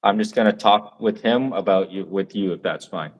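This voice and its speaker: A young man with a lowish voice co-hosts a podcast, chatting casually at normal speed. He talks eagerly and rambles with lots of fillers. The recording sounds muffled.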